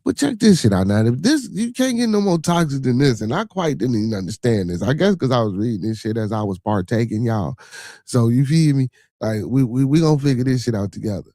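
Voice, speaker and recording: A man chats on his own live stream in a loose, rambling, profane way and talks straight back to the people watching. His voice is mellow and gravelly. The sound is dry and close, with no room echo. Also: mid-range voice, lively intonation, brisk. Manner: profane, rambling, reacts to chat viewers. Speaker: podcast host. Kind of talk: casual livestream chat.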